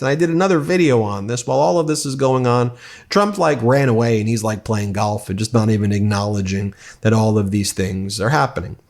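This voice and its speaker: A man's voice: medium pitch, gravelly, darkish tone. A man giving casual political commentary, talking straight to viewers and reading quotes aloud. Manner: conversational, reads quotes aloud with some emphasis.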